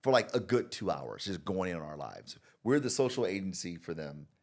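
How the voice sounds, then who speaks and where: A man's voice: low-pitched, a little fast. An American man, a marketing expert guesting on a podcast, talking conversationally and acting out the people in his stories with big jumps in his voice. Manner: animated, acts out quoted people with big jumps in voice. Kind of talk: conversational interview storytelling.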